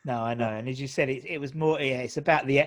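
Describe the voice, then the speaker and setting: A man's voice: medium pitch, fast, no room sound. Chatty London man hosting an interview. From England. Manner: chatty, rambling with fillers. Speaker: podcast host. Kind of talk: casual video interview.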